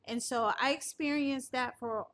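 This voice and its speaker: Female interview guest with a fairly high voice and faint noise behind; earnest, vivid storyteller. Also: measured pace, a bit bright. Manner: earnest storytelling that acts out others' words. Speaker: guest sharing a survival testimony. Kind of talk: personal testimony interview.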